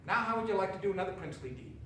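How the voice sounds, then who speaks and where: A man voicing a group of sly townspeople in a read-aloud story, brisk and eager. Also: high-pitched, expressive, fairly bright tone, slight background noise. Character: crowd of wily townspeople, mixed. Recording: roomy echo, distant mic, faint ambience.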